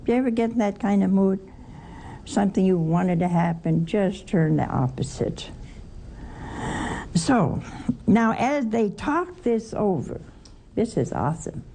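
A woman's voice: medium pitch, animated, measured pace, creaky, long pauses, warm tone, a little hiss or hum. A woman teaching scripture in a conversational way, asking the audience rhetorical questions and acting out the quoted lines. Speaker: Bible study teacher.

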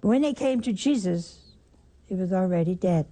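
A woman's voice: mid-range voice, animated, moderate pace, mellow. An older woman preaching a sermon, emphatic, asking rhetorical questions and repeating her phrases.

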